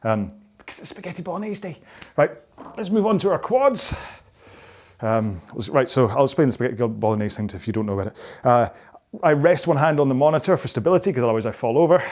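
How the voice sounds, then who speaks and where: A man's voice: medium pitch, animated, fast talker, a little mellow. A middle-aged man leading stretches after a rowing workout, chatty and self-mocking, with rambling asides. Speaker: rowing coach. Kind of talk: follow-along workout instruction.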